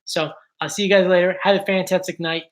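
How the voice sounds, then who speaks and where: A man's voice: sits high, steady tone, fast talker. Chatty man rambling through viewer questions. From South Jersey, USA. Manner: chatty and rambling, full of likes and ums. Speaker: YouTube show host. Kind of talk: casual livestream Q&A reading viewer comments.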